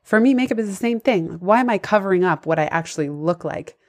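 A woman's voice: medium pitch, lively intonation, fast, a little mellow. A woman who works as a life coach, hosting a conversational interview over a video call and talking in an enthusiastic, reflective way.

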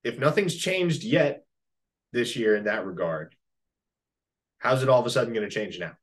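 A man co-hosting a casual sports chat, skeptical and measured as he breaks down the game. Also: mid-range voice, lively intonation. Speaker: sports podcast co-host.

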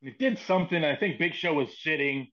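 A man's voice: a little high, animated, fast talker, a bit bright, lo-fi sound. A man who is a guest on a podcast, telling stories in a rambling, profane way, acting out quotes and laughing often. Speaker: podcast guest, former wrestling writer and comedian. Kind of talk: casual storytelling chat.

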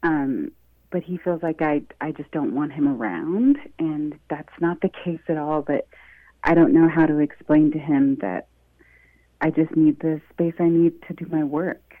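A woman's voice: deep voice, measured pace, dry recording. A woman calling in to a radio advice show, talking hesitantly with lots of ums and you-knows. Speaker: caller. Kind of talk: call-in radio talk. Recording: tinny phone line.

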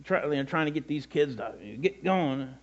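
Middle-aged male pastor, high voice, chatty sermon style, slightly dull lo-fi sound. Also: moderate pace. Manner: conversational, self-deprecating asides and repetitions.

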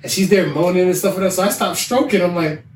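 High-voiced man telling a wild story. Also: quick pace. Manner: animated, acts out quoted voices, laughs often. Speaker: podcast host. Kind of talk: casual storytelling. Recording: echoey room, far from mic, faint hiss.

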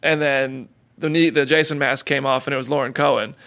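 A man hosting a casual chat, telling stories with lively acted-out quotes. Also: mid-range voice, brisk. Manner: animated storyteller, acts out quotes.

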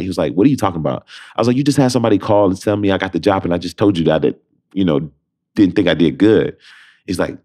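A man in his thirties with a very deep voice, telling stories as an interview guest. He talks casually and acts out each person in his anecdotes. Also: fast talker, darkish tone. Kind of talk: casual storytelling.

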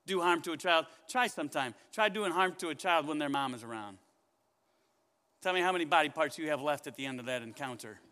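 A man preaching a sermon as pastor, speaking in an animated way and questioning his congregation. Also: on the high side, fairly quick, big-room sound.

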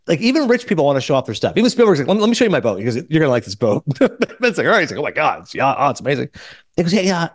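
A man hosting a podcast, telling a story in casual chat and quoting others in quick asides. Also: on the high side, very animated, dry recording, clean studio sound. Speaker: podcast host.

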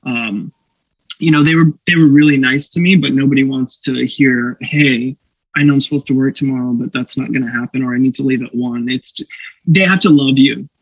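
A man's voice: mid-range voice, a little fast, breathy edge, dry recording, lo-fi sound. A young man from Canada, an actor guest, telling anecdotes animatedly with laughs and put-on voices. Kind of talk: casual storytelling interview.

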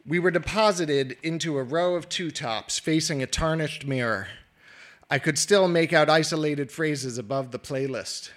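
A man reading his own prose aloud at a live literary reading, measured and wry. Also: on the high side, fairly bright tone.

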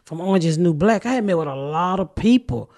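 A woman's voice: fairly low pitch, expressive, a little fast, dark tone. A middle-aged woman hosting a podcast, telling stories in blunt, profane casual chat and laughing often. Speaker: podcast host.

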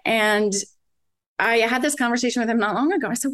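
A woman's voice: fairly high pitch, fast, a bit bright. A woman in her forties, a guest on a podcast interview, talking candidly about raising her kids, often laughing and quoting what she tells them. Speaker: guest, parent of several children.

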